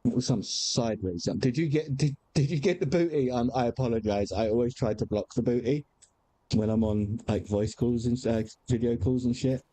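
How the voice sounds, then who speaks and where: Dark-voiced man streaming and cooing at his cat. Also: moderate pace, no room sound, poor audio. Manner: baby-talks to his cat in a high sing-song voice; relaxed, mutters to himself while gaming. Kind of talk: casual livestream chat.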